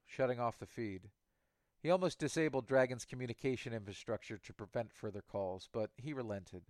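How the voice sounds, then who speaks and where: Give me a male audiobook narrator with a steady, even delivery at a middle pitch. The recording is dry, with no room sound. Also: no room sound.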